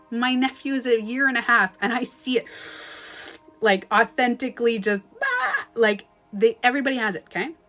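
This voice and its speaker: A Canadian woman coaching in a casual livestream talk, swinging into sudden loud outbursts. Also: fairly high pitch. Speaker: life coach. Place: at home, streaming live. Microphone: phone.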